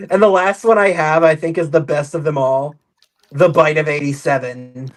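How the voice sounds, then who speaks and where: Deadpan joking man on a video call. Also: fairly high pitch, normal speed. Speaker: robot combat team member. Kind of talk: casual livestream chat.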